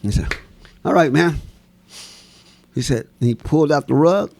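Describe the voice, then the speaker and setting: A man telling stories as an interview guest, animated and laughing, acting out the voices of people in his stories. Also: fairly high pitch, a little slow, creaky. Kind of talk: storytelling in a casual interview.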